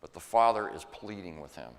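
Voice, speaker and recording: Deep-voiced man preaching in a reverberant church. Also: expressive, fairly quick, vocal fry. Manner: earnest, folksy, acts out quoted voices. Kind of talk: sermon. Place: church sanctuary.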